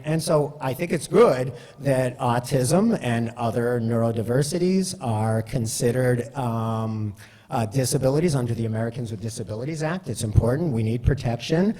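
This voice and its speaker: A man's voice: mid-range voice, dark tone. Chatty man talking in a reverberant hall. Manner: conversational, frequent fillers and "right?" asides. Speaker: speaker giving a talk. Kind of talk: storytelling presentation.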